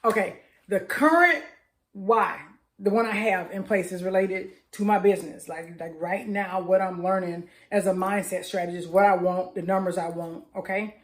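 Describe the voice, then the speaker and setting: A middle-aged woman, a mindset strategist, giving an emphatic, hyper motivational talk and repeating affirmations with rising excitement. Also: medium pitch, moderate pace. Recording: echoey room.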